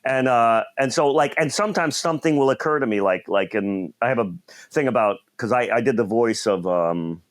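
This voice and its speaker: A man hosting a comedy podcast, telling stories in a rambling, animated way. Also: mid-range voice, a little fast, no echo. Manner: rambling, animated storytelling with laughs. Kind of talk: casual chat.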